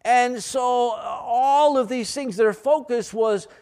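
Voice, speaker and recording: A man's voice: very high-pitched, takes it slowly, vocal fry, darkish tone, clear, resonant tone. A man preaching a sermon, reading scripture aloud and adding earnest, plain-spoken asides.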